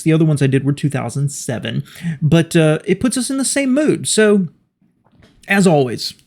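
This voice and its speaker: Gravelly chatty man hosting a car vlog. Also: on the high side, a little mellow. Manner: chatty, opinionated, thinks aloud. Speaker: car video host. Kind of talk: casual reaction commentary.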